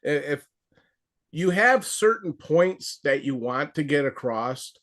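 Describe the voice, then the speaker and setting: A man with a high, light speaking voice swaps stories and tips about pro wrestling. He talks in a lively, easygoing way and raises his voice when he acts out what someone else said. It sounds like a relaxed chat with a seasoned trainer. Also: slow. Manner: animated storyteller, acts out quotes in a raised voice. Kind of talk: casual storytelling advice.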